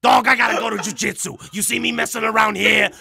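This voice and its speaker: A man putting on a hotheaded, foul-mouthed office worker who yells and curses at a coworker. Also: high voice, fairly even intonation, fast, vocal fry, over a noisy crowd, pitched above the performer's own voice. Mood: angry yelling. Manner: yelling, cursing, aggressive.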